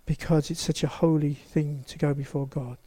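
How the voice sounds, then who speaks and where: A male preacher with a notably high voice delivers a lively sermon in a church. He speaks straight to the congregation and acts out small scenes as he goes. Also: normal speed, breathy edge. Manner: animated, acts out quotes, addresses the congregation directly.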